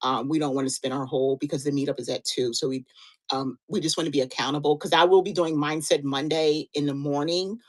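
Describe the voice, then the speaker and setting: Chatty, encouraging woman, lowish voice. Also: steady tone, brisk, low-quality recording. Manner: chatty, encouraging, restarts often. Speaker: live-stream seller and co-host. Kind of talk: motivational live-stream chat.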